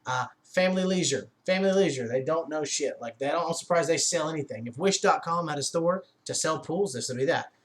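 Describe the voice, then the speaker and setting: A man's voice: on the high side, a little fast, few pauses. A man casually recounting a bad shopping experience, exasperated, swearing freely and acting out both sides of the conversation. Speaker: vlogger telling a customer story. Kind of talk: casual storytelling monologue.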